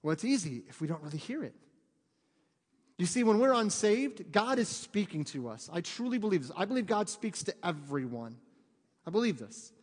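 In a church sanctuary with a long, echoing reverb, a pastor in his thirties preaches at a moderate pace, his high voice very animated and edged with breath. The sermon stays conversational, sprinkled with joking asides before rising to fervent emphasis.

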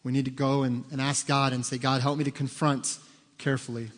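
A man's voice: medium pitch, little pitch movement, a little fast. A man preaching a sermon as pastor, earnest and pleading, lifting his voice when he quotes scripture. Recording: long reverb of a large hall.

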